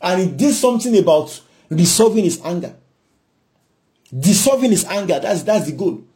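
High-voiced Nigerian man preaching. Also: lively intonation, moderate pace, dark tone. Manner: emphatic, repeats himself, punctuates with hallelujah. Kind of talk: sermon.

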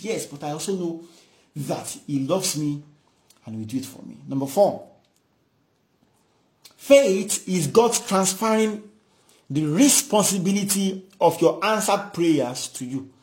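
A man's voice: high-pitched, lively intonation, measured pace, darkish tone, roomy sound. A man preaching a fervent sermon, repeating phrases and acting out the voices in scripture stories. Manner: fervent, repetitive, acts out dialogue.

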